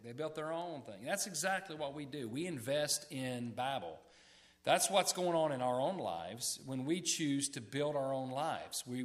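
A man preaching a sermon in a conversational way, often repeating words and asking the listeners questions. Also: medium pitch.

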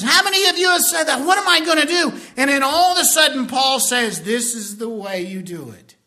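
A middle-aged man preaching a sermon, mimicking whiny complaints, rising to shouts and then dropping to slow, quiet emphasis. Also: very high voice. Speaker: pastor.

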